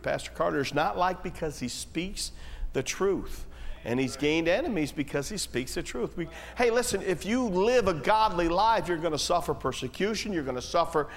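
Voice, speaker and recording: A man preaching a sermon in a folksy, conversational way, swelling to emphatic peaks and then dropping low and slow, in a church hall. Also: fairly bright tone. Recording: long reverb of a church hall.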